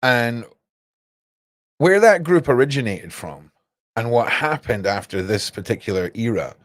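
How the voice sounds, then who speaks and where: A man's voice: on the low side, dry recording, clean studio sound. A young man hosting a livestream, rambling casually and talking straight to his chat viewers. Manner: rambling, cryptic, chats to viewers. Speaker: livestream host.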